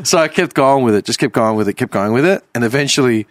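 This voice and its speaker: A man hosting a podcast, telling a story in an animated, casual way with some swearing. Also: mid-range voice, no room sound, clean studio sound. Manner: animated, swearing, quick bursts of laughter. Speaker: podcast host.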